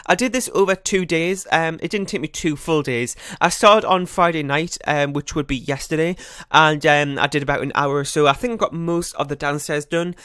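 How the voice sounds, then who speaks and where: A man's voice: on the high side, fairly bright tone, smooth, no room sound, studio quality. A man giving casual, rambling voice-over commentary on a building game, often correcting himself. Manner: fast, rambling, self-correcting chatter. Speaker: YouTuber.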